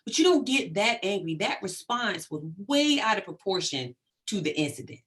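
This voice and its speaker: A middle-aged woman, a psychologist guest in an interview, talking in an animated, emphatic way and checking in often with "right?". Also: medium pitch, normal speed. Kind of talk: conversational interview.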